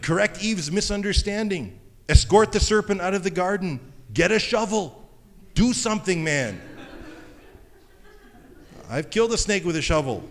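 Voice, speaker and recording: Male pastor, mid-pitched, casual joking sermon delivery, long hall reverb. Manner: conversational, jokey, animated asides.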